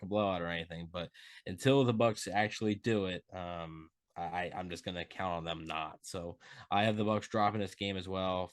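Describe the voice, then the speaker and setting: A man with a deep, low voice co-hosts a casual sports podcast. He speaks in a halting way, full of fillers and repeated starts as he thinks aloud. The sound is dry and close, with no room around it. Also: no echo. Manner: halting, many fillers and restarts. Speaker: podcast co-host.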